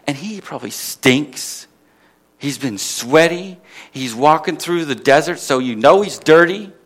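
A man preaches a sermon, asking his listeners questions and rising to emphatic, swelling peaks. His voice sits a little high for a man. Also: fairly bright tone. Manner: rhetorical questions to the crowd, building to emphatic peaks.

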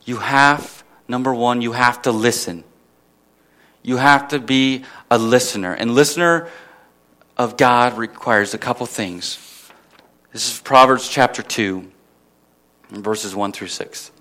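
A man's voice: medium pitch, slow, long pauses, sharp tone. A man preaching a sermon at a church gathering, asking his listeners questions and building to emphatic peaks.

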